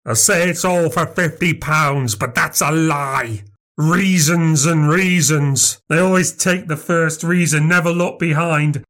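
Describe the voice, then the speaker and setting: A man voicing a small, sinister bearded stranger who talks in low, breathless, conceited tones. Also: unhurried, a bit bright. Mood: conceited cryptic. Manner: conceited, cryptic.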